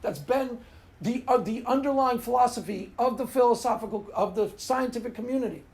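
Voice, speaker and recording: A man's voice: extremely high pitch, brisk. A man hosting his own video, ranting casually and rambling, often laughing at his own jokes. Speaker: video host.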